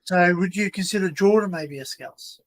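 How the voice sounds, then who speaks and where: A man's voice: sits high, normal speed. An Australian man hosting a casual trivia session over a video call, chatty and joking in an easygoing way. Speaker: host of a trivia livestream. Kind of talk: casual chat, quiz hosting.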